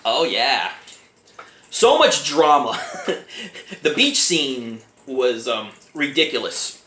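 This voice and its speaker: Guy doing a laughy movie review, bright lively voice, echoey room with a little hiss. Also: medium pitch, slow. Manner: giggly, animated, keeps breaking into laughter. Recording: echoey room, faint background noise.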